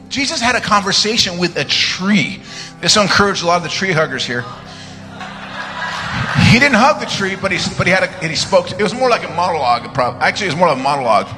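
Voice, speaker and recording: Guy preaching in a church, bright forceful voice, jokey stories, yells now and then, long echo with music under it. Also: high voice, quick pace. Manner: animated storytelling with joking asides and shouted commands. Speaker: guest preacher. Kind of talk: sermon. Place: church sanctuary. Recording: live church sermon, reverberant hall, music underneath.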